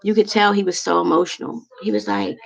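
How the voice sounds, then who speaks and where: A woman's voice: mid-range voice, flat delivery, a little fast, gravelly. A woman hosting a livestream, giving heartfelt, preachy advice to her viewers in a casual talk. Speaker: livestream host. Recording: dull lo-fi recording.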